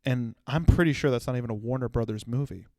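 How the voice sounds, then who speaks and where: A young man hosting a comedy podcast, telling a story in an animated way and acting out the people he quotes. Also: medium pitch, fast talker, no echo, clean studio sound. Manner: animated storytelling with acted-out quotes and sudden shouts. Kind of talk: solo comedic monologue.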